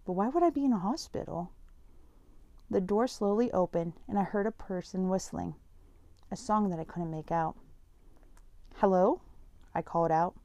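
A woman narrating a first-person story in a steady, earnest tone. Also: mid-range voice, moderate pace, dry recording.

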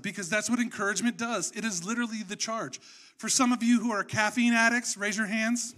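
A young male pastor preaches in a high, bright voice. He keeps it loose and jokey and slips into little voices for the people he quotes. It sounds like friendly, casual preaching. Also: a little fast. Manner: conversational and joking, acts out quotes. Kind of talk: sermon.

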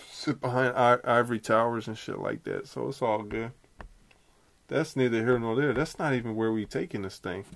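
A man hosting a comedy podcast in loose, rambling chat, full of slang and running jokes. His voice sits at an ordinary middle pitch with a gravelly, creaky texture. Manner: rambling, slangy, jokey storytelling. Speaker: podcast host.

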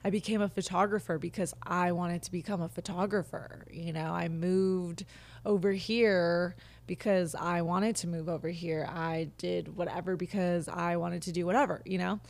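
A woman's voice: fairly low pitch, steady tone, normal speed, creaky, darkish tone. A woman in her twenties hosting her own podcast from her living room couch, chatting casually and ranting candidly with lots of fillers. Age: 20s. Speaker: podcast host. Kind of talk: casual solo podcast chat.

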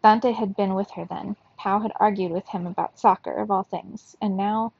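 Gravelly-voiced woman reading a storybook. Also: medium pitch, moderate pace, dry recording, lo-fi sound. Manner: steady storybook narration. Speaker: reader. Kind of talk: reading a children's novel aloud.

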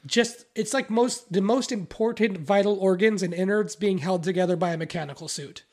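A woman's voice: medium pitch, normal speed, a little mellow. A young woman co-hosting a casual movie-recap chat, rambling and swearing freely as she talks.

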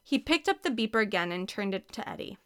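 A woman reading a children's novel aloud in an even, measured storytelling manner. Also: mid-range voice. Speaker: audiobook narrator. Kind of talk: scripted narration.

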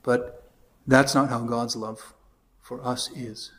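Here the American priest lectures slowly and flatly in a medium, slightly bright voice. His catechism class stays conversational, with anecdotes featuring quoted voices and passages read aloud.

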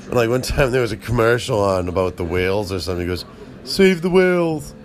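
Rambling, profane man with a low voice. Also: quick pace. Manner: rambling, profane, self-interrupting. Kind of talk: rambling solo monologue.

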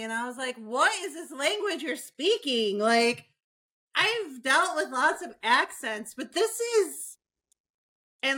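Bright-voiced woman, profane storyteller. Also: on the high side. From Chicago suburbs. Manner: profane, animated storytelling with many "like"s. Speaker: podcast co-host. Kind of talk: casual chat.

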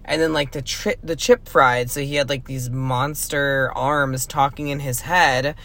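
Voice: medium pitch, steady tone, unhurried, fairly bright tone. A young adult co-host gushing casually about a film, with lots of fillers and restarts. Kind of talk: casual movie review chat.

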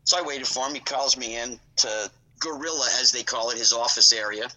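Bright-voiced man telling a rambling story. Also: medium pitch, brisk, low-quality recording. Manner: rambling, full of asides and acted-out dialogue. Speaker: guest. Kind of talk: casual storytelling.

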